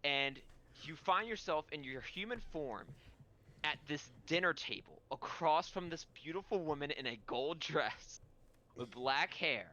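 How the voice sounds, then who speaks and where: A man narrating a tabletop game as game master, animated and rambling with fillers. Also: fairly high pitch, measured pace, dull audio.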